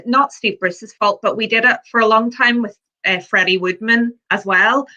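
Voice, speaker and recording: A woman's voice: on the high side, fairly even intonation, moderate pace, pushed and bright, muffled recording. A woman co-hosting a podcast, talking football earnestly and thinking aloud in casual chat. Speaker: podcast co-host.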